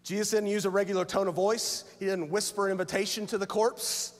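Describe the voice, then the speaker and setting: Middle-aged male pastor, high tenor, impassioned sermon delivery, recorded in a church sanctuary with long hall reverb. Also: level tone, a little fast. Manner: impassioned preaching, rising to shouted lines.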